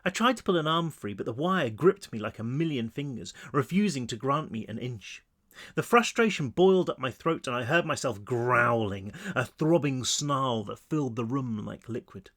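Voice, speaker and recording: Man reading his novel expressively. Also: moderate pace. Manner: expressive reading with wide pitch swings, asides to listeners. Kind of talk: first-person book reading. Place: home. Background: child screaming downstairs.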